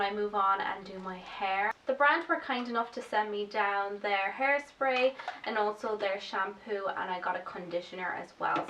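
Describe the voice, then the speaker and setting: A woman's voice: mid-range voice, pushed and bright, slight background noise. Chatty woman vlogger, distant mic. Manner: chatty, explains each step with fillers. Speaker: makeup vlogger. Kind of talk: casual get-ready-with-me tutorial.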